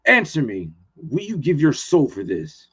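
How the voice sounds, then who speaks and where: A man's voice: fairly high pitch, huge pitch swings, measured pace, fairly bright tone, breathy edge, lo-fi sound, voice pushed up, exaggerated voice. Man reading as a menacing male tempter. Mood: pressing. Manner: pressing, insistent.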